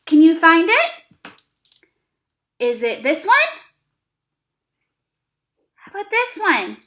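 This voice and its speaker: Woman teacher, high lively voice, slow exaggerated words, bright tone, echoey room. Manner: slow, exaggerated, encouraging teacher talk with praise. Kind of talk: early reading lesson for young children.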